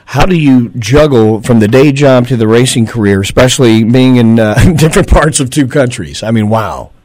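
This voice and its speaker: A man's voice: medium pitch, animated, moderate pace, darkish tone, dry recording, low-quality recording. A man hosting a radio racing show, chatting in an enthusiastic, folksy way and heaping praise on his guests.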